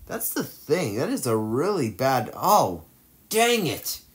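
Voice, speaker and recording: A man's voice: medium pitch, big pitch swings, measured pace. A man giving casual commentary as he ranks films for a tier list, hesitant and rambling, with frequent fillers and corrections of himself in mid-sentence. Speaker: movie tier list vlogger.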